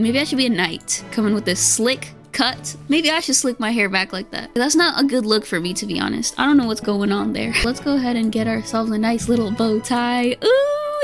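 Bubbly high-voiced woman gaming. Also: vocal fry. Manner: bubbly and excitable, with squealing exclamations. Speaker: gaming YouTuber. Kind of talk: casual gameplay commentary.

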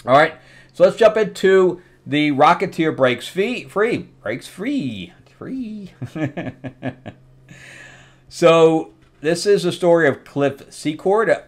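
A man's voice: a little high, lively intonation. A middle-aged man hosting a casual comic book review, recapping the plot loosely with fillers and acting out quotes. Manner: rambling recap with fillers and quick acted quotes.

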